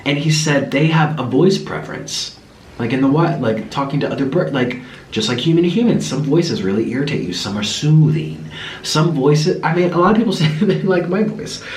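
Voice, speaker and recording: A man chatting casually to camera as a vlogger, rambling in an animated, talkative way. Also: fairly high pitch, normal speed, roomy sound, slight background noise.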